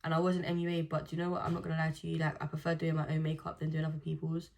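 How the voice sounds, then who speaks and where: Gravelly-voiced young woman. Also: deep voice, monotone, rapid-fire, darkish tone. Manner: candid, chatty, blunt slang. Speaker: vlogger. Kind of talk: casual Q&A vlog.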